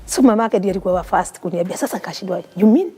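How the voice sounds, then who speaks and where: A woman's voice: lowish voice, very fast, a little mellow, husky. A woman with a Kenyan accent, a guest in an interview telling her personal story in an earnest, heartfelt way. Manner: mixes English and Swahili, earnest and heartfelt.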